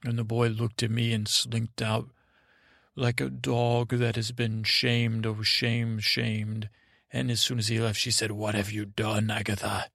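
A man hosting a podcast, telling a meandering bedtime story in a halting, self-correcting way. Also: mid-range voice, level tone, vocal fry, a bit bright, no echo, studio quality.

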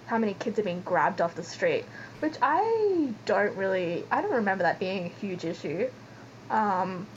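A woman's voice: medium pitch, big pitch swings, moderate pace. A woman co-hosting a podcast, chatting and rambling in a self-mocking way. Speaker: podcast co-host. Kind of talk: casual chat recapping a reality show. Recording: dull lo-fi sound with faint noise.

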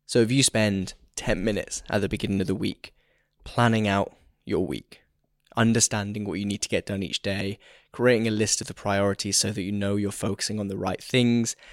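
A hoarse man talks on his own podcast, candid and a little rambling as he thinks aloud. His voice sits fairly low and sounds strained. The sound is dry and close, with no room around it. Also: dry recording. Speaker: podcast host. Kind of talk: solo podcast talk.

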